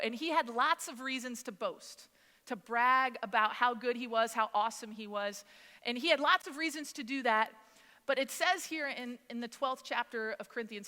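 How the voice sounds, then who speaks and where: Woman, thirties, high bright voice, conversational sermon, reverberant church hall. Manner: conversational, animated storytelling. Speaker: preacher. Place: church sanctuary.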